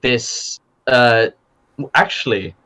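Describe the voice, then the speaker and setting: A man's voice: mid-range voice, very slow, bright, forceful tone. A young man narrating as game master, rambling with lots of fillers. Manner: rambling with many fillers and laughs.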